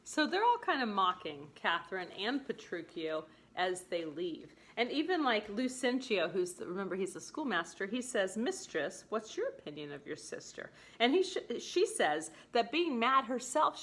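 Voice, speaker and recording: A woman teacher giving a casual lesson, chatty and animated as she paraphrases the scenes in everyday language. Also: a little high, normal speed, hardly any pauses.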